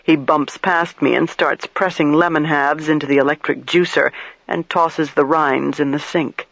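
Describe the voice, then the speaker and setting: A man reading a crime novel aloud in first-person narration, measured and steady. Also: on the high side, vocal fry, dry recording, low-quality recording. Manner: measured, storytelling. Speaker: audiobook narrator.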